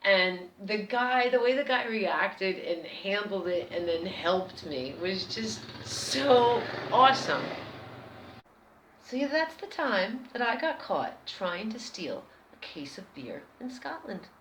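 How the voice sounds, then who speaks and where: Animated American woman telling a story. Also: medium pitch, takes it slowly, slight background noise. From United States. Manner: animated, expressive, chatty. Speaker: vlogger. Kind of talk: casual storytelling. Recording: roomy echo.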